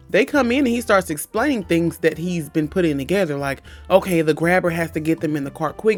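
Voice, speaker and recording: A woman giving a comedic movie recap, blunt and profane with wry asides. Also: low-pitched.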